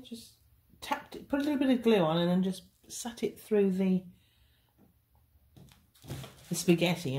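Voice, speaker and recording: A woman's voice: fairly low pitch, mellow. A woman teaching a beginners' cake decorating tutorial, chatty and reassuring. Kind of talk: hands-on baking tutorial.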